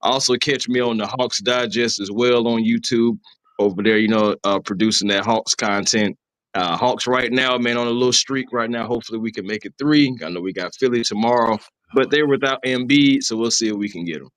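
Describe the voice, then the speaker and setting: A man, hosting a sports podcast in a relaxed, playful chat. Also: mid-range voice, a little fast, dry recording. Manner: laughing, playful sign-off plugs. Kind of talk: casual chat.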